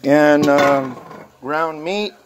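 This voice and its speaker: A man's voice: on the high side, drawn-out words, slight background noise. Folksy Texan man, rambling. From Texas. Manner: rambling, folksy, filler-heavy talk. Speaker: mechanic shop worker sharing a recipe. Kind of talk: casual how-to vlog.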